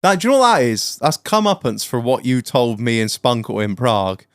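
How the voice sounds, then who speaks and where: A man on a podcast chiming in with quick reactions and laughter in casual chat. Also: mid-range voice, very animated, smooth, no room sound, clean studio sound. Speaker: podcast co-host. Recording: loud background noise.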